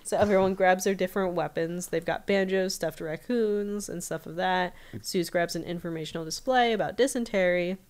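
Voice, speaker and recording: A woman's voice: on the low side, moderate pace, hardly any pauses. A woman co-hosting a casual podcast, chattily retelling an episode with many fillers. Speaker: podcast co-host.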